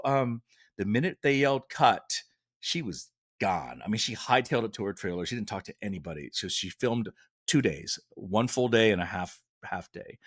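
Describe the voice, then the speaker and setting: A man's voice: fairly low pitch, no echo, clean studio sound. A man chatting casually as a guest, telling stories from a film set and acting out the quotes with big laughs. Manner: animated storyteller, acts out quotes with a big laugh. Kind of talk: casual chat.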